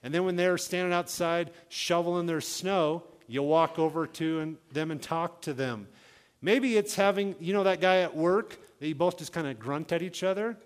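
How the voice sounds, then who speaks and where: Man preaching a lively, conversational sermon. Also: on the high side, normal speed. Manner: conversational preaching with acted-out quotes. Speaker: pastor.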